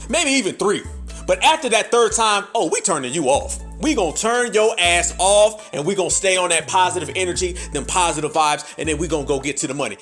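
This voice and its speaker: Male podcast host, high and animated, punchy sermon-style cadence, salty language, faint music bed. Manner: emphatic, preacher-like cadence with profanity; mimics other voices in quick asides. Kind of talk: animated commentary monologue.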